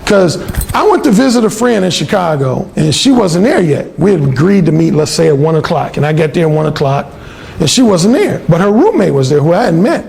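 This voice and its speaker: Brief: high-pitched man with a gravelly edge, blunt storyteller. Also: a little fast. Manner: blunt, profane, animated. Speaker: dating coach and author. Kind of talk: casual storytelling monologue.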